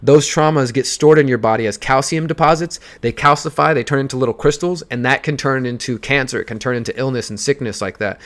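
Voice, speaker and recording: A man in his thirties speaks at an ordinary, mid-range pitch as he hosts his own podcast. He tells a personal story in a candid, emotional monologue. He swears freely and acts out what others said to him. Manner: candid, emotional, profane, with acted-out quotes. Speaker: podcast host.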